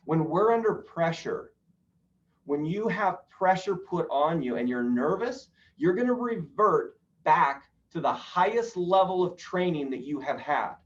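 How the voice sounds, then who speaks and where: A man leading a sales training session, explaining points step by step and asking the group questions he then answers himself. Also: on the high side. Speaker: real estate sales trainer. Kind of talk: live training talk on rapport. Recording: distant, dull lo-fi sound.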